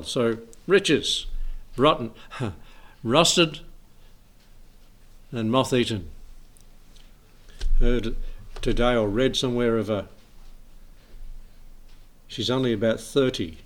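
A man's voice: medium pitch, slow pace, long pauses, a bit bright. Chuckling man leading a Bible study. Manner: rambling, chuckles often, reads scripture aloud. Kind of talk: informal Bible study talk.

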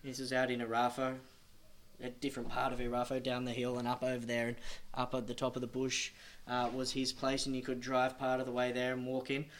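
A man preaching a sermon as a missionary, telling a story and swinging between loud emphatic lines and hushed ones. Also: medium pitch, monotone, fairly quick, slight background noise.

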